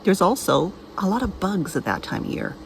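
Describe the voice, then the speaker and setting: A woman's voice: mid-range voice, huge pitch swings, moderate pace, gravelly, a little hiss or hum, low-quality recording. Chatty woman vlogging outdoors. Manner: chatty, gets emotional and laughs softly. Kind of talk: casual vlog narration. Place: outdoor campground by a lake.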